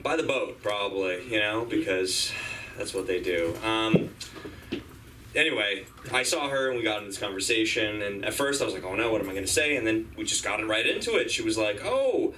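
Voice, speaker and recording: A man in his thirties doing a stand-up set at an open mic, telling stories in a wry, deadpan way. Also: fairly low pitch, a little fast. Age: 30s. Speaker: stand-up comedian. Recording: distant room mic with faint hum.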